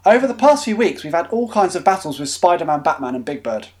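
A man's voice: fairly high pitch, sing-song, fast, darkish tone. Man reading out silly news. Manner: mock-announcer, giggly, stumbles over words. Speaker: podcast host reading news items. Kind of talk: comedic news-reading chat.

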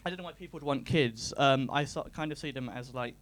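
A man doing a stand-up set, deadpan and pedantic, with a self-deprecating edge. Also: mid-range voice, quick pace, background noise. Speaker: stand-up comedian.

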